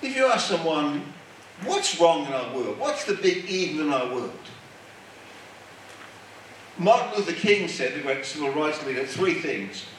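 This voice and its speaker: A man delivers a sermon in an emphatic, repetitive preaching cadence. His voice sits a little high and rises and falls with great animation. He speaks slowly, and the recording is captured from a distance in a very echoey hall. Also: big pitch swings, fairly bright tone, a little hiss or hum.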